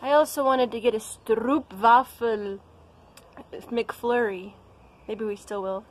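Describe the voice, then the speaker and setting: A woman's voice: fairly high pitch, steady tone, slow, low-quality recording. A young American woman talking casually in a vlog, chatty and playful. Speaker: vlogger.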